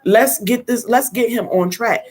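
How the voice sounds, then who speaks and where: An older woman, a grandmother, hosting a casual live stream and telling stories in a firm, no-nonsense way, acting out quoted dialogue and now and then clearing her throat. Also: a little high, measured pace, darkish tone. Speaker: host of a live parenting talk.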